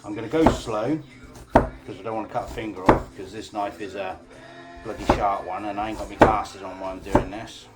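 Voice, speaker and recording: A man's voice: fairly low pitch, fairly even intonation, a little fast, loud music behind the voice. A man hosting a casual live cooking class, chatty, jokey and informal as he demonstrates.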